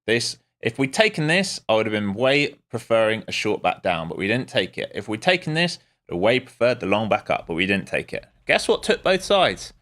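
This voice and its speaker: Guy on a live trading stream, lowish voice, casual and dry, grumbling asides. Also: sing-song, brisk, hardly any pauses, a bit bright. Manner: casual, wry, muttering asides to viewers. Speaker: day trader streaming live. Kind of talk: live market commentary.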